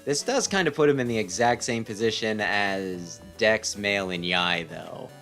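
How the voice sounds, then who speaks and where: A man's voice: lowish voice, normal speed, fairly bright tone. A man giving casual, sarcastic commentary while playing a video game. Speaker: let's play host. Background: faint game music.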